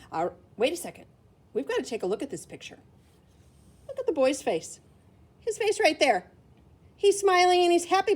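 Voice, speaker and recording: A woman teacher reads a picture book to children, her voice sitting high and leaping widely. She exclaims over each picture and chats with a helper as she turns the pages. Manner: animated, exclaiming, talks to a helper. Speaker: teacher reading aloud to children. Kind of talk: expressive read-aloud for kids.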